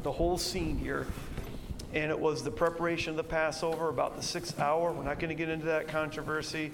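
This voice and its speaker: A male pastor preaching through scripture, voice swelling loud as he reads the verses and falling low and quiet to reflect. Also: big-room sound, background noise. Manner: animated, rising loud when quoting verses, dropping low to reflect. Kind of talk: expository sermon reading scripture. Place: church sanctuary.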